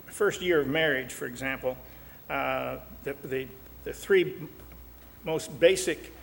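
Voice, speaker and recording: A man's voice: medium pitch, slow, creaky, fairly bright tone, in a large hall, a little hiss or hum. An older man and marriage counselor teaching in a folksy, joking way, acting out little quotes. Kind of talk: talk show teaching.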